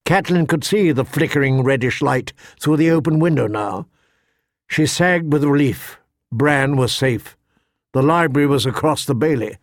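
A man narrating an audiobook in a measured, somber storytelling manner. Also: mid-range voice, no room sound, studio quality. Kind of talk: scripted narration.

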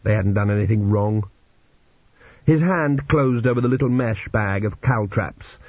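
A man narrating an audiobook in an expressive reading voice. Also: lowish voice, a little slow, dry recording. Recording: dull lo-fi recording.

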